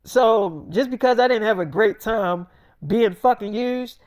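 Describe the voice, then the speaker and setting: A man's voice: high-pitched, a little slow, no echo, studio quality. A man voicing a brash, defiant young woman rapper, cursing in heated slang during a freestyle story. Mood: furious.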